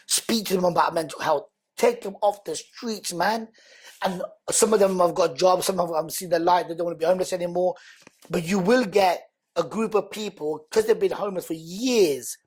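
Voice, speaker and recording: Husky man telling his story. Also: high voice. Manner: animated, earnest, acts out quoted speech loudly. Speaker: podcast guest. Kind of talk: personal storytelling in conversation.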